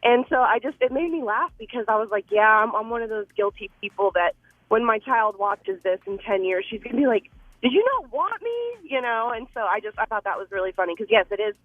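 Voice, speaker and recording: A woman's voice: fairly high pitch, fast, no echo. A woman, a young mother, calling into a radio show and chatting in a giggly, rambling way. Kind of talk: casual call-in chat. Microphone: phone. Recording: tinny phone line.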